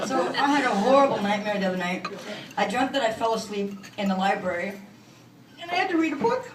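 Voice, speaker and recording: A woman in her forties from Canada doing a stand-up comedy set in a club, delivering self-mocking punchlines in a deadpan way. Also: medium pitch, background noise. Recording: echoey club from far off.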